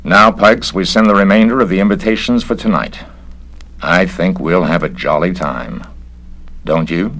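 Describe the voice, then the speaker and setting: A man's voice: low-pitched, normal speed, a bit bright. A man reading a story aloud, voicing a bitter, scheming male mansion owner with sardonic, theatrical delivery.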